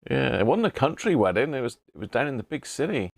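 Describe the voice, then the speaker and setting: A man's voice: mid-range voice, very animated, fast talker, vocal fry, no room sound. A middle-aged British man hosting a live stream, chatting casually and greeting viewers by name between frequent chuckles. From Britain. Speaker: live-stream host, radio restorer.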